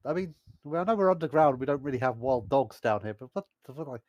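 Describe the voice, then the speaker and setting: A man chatting as a player in a tabletop role-playing game, animated and laughing often as he acts out quotes. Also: mid-range voice, fast, no echo, dull audio. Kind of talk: casual tabletop role-play chat.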